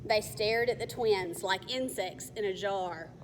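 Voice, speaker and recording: Woman reading a kids book, slow n careful, faint hiss, longish echo. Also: medium pitch. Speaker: narrator. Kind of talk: reading a children's novel aloud. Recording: faint long reverb, faint hiss.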